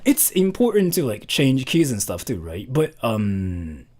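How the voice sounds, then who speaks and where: A man streaming live and chatting casually with viewers, who talks quickly, fills his speech with "like" and "uh", and laughs often. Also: medium pitch, big pitch swings, a little mellow. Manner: fast-talking, heavy on fillers like "like" and "uh"; laughs often while talking. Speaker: streamer answering donations. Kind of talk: casual livestream chat.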